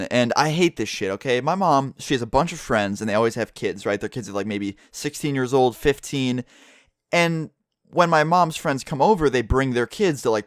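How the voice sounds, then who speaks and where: A young man tells a storytime vlog in a quick, rambling rush, peppered with swearing and "like." His voice sits at an ordinary mid pitch and is recorded close on a studio mic with a dry, roomless sound. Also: no echo. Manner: profane, rambling, lots of "like". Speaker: YouTube commentator. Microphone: studio microphone.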